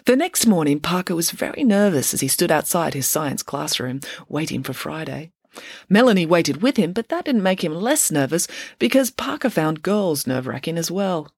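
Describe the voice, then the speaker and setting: A woman reading a children's chapter book aloud in an expressive, lively narration. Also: deep voice, normal speed, breathy edge, no room sound, studio quality. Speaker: reader of her own story. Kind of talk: storybook narration.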